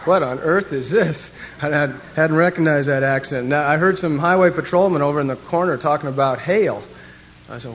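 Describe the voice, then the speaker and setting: A man's voice: fairly high pitch, brisk. A man from Wyoming, a pastor, telling jokes and stories to a youth conference. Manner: joking storyteller who slips into character voices. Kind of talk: humorous speech to a youth conference. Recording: dull lo-fi archive tape with faint hiss.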